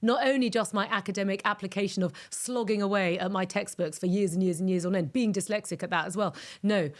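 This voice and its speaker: A woman's voice: medium pitch, fast. A middle-aged woman hosting a podcast, chatting effusively with rambling asides. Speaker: podcast host. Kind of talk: casual podcast monologue.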